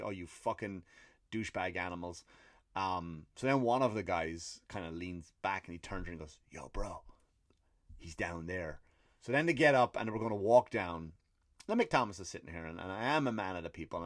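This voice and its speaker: An Irish man hosting a comedy podcast, telling a story in a profane, animated ranting monologue with acted-out quotes. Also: fairly low pitch, no echo, clean studio sound. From Ireland.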